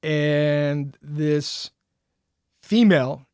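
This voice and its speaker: A man's voice: a little high, very slow, darkish tone, clear, resonant tone, no echo, clean studio sound. A man co-hosting a podcast, telling a story in casual chat and acting out the quoted lines with animation. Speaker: podcast co-host.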